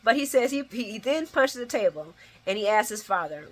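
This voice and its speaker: Fairly quick and lively in intonation, this mid-range female voice belongs to a woman giving a casual soap opera recap. She acts out lines, laughs often, and talks with slang and profanity.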